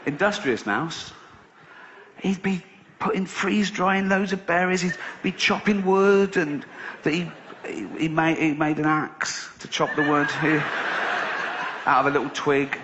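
A man's voice: a little high, measured pace, fairly bright tone, slight background noise. A man doing stand-up, telling a rambling, sweary story with sarcastic asides. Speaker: stand-up comedian. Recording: slightly dull live recording.

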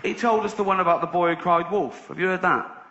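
A man's voice: sits high, fairly even intonation, a little fast, a crowd in the background, background noise. A man doing stand-up, telling a rambling, sweary story with sarcastic asides. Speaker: stand-up comedian. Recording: slightly dull live recording.

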